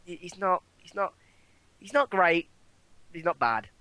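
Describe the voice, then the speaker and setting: A man's voice: sits high, lively intonation, unhurried, bright, forceful tone, no room sound. A British man co-hosting a podcast in casual chat, blunt and swearing freely. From Britain. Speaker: podcast co-host.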